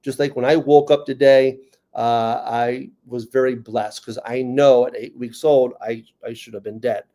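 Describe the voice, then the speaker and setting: Man, 50s, New York accent, mellow voice, joking conference talk. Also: medium pitch, steady tone, unhurried. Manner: joking, then earnest and personal. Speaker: comedian and motivational speaker. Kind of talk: stand-up comedy talk at a conference.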